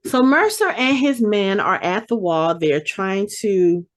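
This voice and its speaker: Animated woman recapping a show. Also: mid-range voice, slow. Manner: animated retelling, acting out characters' lines. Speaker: podcast co-host. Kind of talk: casual chat, episode recap.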